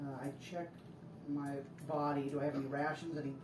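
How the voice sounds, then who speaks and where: A woman playing a tabletop game, asking playful, quick questions in character. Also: low voice, little pitch movement, darkish tone. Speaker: player. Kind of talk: casual tabletop play. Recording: roomy, distant mic with background noise.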